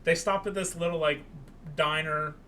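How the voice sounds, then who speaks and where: A young man co-hosting a podcast, recapping a film in casual chat and acting out the characters' lines in an animated way. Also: fairly high pitch, normal speed, crowd noise. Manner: animated, acts out quoted lines with raised voice. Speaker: podcast co-host.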